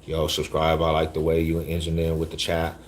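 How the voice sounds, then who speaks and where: A man with a very deep, low voice chats loosely with his livestream audience. His talk is slangy, laid-back and full of repeats. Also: completely flat delivery, brisk. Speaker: livestream host. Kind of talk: casual livestream chat, reading chat.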